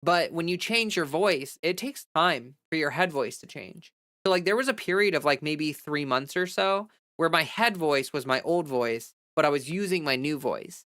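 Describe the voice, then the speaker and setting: Bright-voiced woman streamer giving advice. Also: low-pitched, animated, normal speed, no room sound, clean studio sound. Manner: chatty, candid, advice-giving. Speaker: livestreamer giving voice-training advice. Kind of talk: casual livestream chat.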